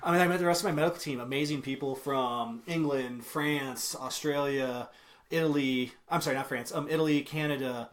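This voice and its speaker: A man's voice: mid-range voice, a little fast. A young man as a podcast guest, telling a travel story in a casual, rambling way, full of ums, self-corrections and small chuckles. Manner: chuckles while telling stories.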